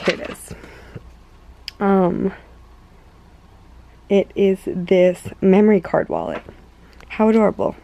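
A young woman chatting casually in a home vlog, bubbly and excitable, rambling with many fillers. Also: medium pitch, vocal fry, slight background noise, poor audio. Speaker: vlogger.

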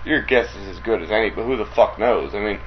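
A man's voice: on the low side, fast talker, muffled recording, faint music behind. A man co-hosting a casual wrestling talk show, arguing sarcastically, swearing, and reading out listener questions. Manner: reads listener questions aloud. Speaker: co-host. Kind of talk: casual podcast banter.

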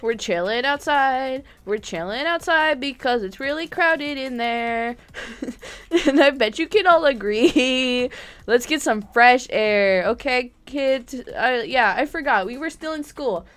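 A woman livestreaming a game, chatting to friends in the game in an excitable, giggly way, often shouting their names and apologizing. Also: high voice, measured pace, smooth. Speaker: gaming livestreamer. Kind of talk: live gameplay chatter.

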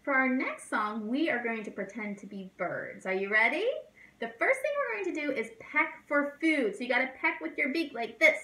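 A woman who is a children's librarian, leading a toddler storytime in a gentle, encouraging, sing-song teacher voice. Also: sits high, animated, moderate pace. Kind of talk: speaking slowly and simply to toddlers. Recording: roomy echo.

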